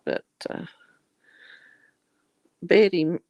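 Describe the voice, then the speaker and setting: A woman's voice: lowish voice, expressive, very slow, mellow, dry recording, highs cut off. A woman with a Southern US accent chatting casually with viewers on a livestream, folksy and affectionate, calling people honey and blessing their hearts. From Southern United States. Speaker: livestream host.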